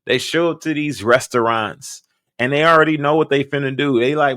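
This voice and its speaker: Bright, blunt man on a podcast mic. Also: a little high, fairly quick, no echo, clean studio sound. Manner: blunt, slangy and emphatic. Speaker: podcast host. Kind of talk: reaction commentary.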